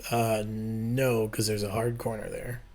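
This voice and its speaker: A man narrating and ruling as game master, explaining calmly with fillers. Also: lowish voice. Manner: unhurried, explains rules with fillers.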